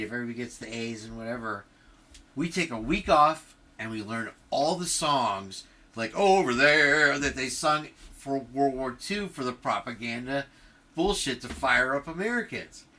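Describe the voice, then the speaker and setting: A middle-aged man hosting a livestream, telling a long, rambling story full of swearing and tangents. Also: medium pitch. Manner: profane, tangent-prone, animated retelling. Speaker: livestream host.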